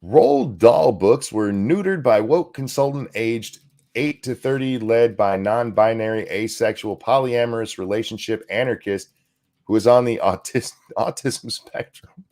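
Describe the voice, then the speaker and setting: A man's voice: mid-range voice, measured pace, darkish tone. A man co-hosting a casual comedy podcast, reading headlines aloud and mocking them sarcastically. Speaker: podcast co-host.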